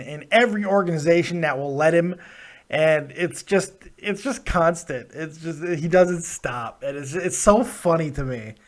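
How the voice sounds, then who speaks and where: A man with a voice on the high side hosts a live call-in wrestling review show. He chats casually with callers, emphatic and playful, and swears freely.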